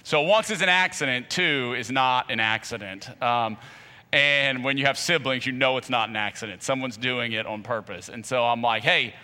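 A man telling a comic personal story in a sermon, animated and acting out quotes with loud bursts, in a large church auditorium. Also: medium pitch, moderate pace, big-room sound.

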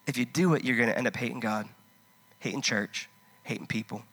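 Bright-voiced male preacher. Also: mid-range voice, brisk, creaky. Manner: impassioned, swings from loud urging to hushed; conversational storytelling. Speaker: pastor. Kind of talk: sermon.

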